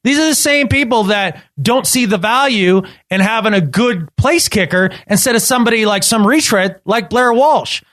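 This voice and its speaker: A man co-hosting a casual sports podcast, talking emphatically and repeating himself when excited. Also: sits high, normal speed, few pauses, no echo, clean studio sound. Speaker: podcast co-host.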